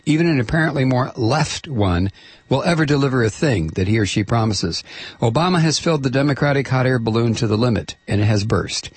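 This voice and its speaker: A man hosting a call-in radio show, hesitant with fillers when chatting and steady and pointed when reading an essay aloud. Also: medium pitch, slightly rough, no room sound. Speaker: radio talk show host.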